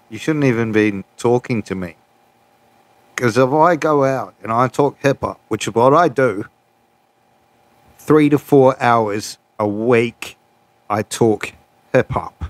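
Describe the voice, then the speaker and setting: A man's voice: medium pitch, dry recording. A man hosting a podcast, talking in a blunt, profane, offhand way. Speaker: podcast host. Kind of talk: casual podcast rant.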